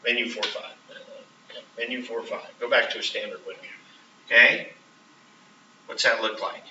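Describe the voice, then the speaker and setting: A man's voice: medium pitch, fairly even intonation, normal speed, background noise. A man teaching calculus in a classroom, asking questions and checking in with students as he explains. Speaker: math teacher. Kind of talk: classroom lecture. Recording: roomy, distant, dull classroom recording.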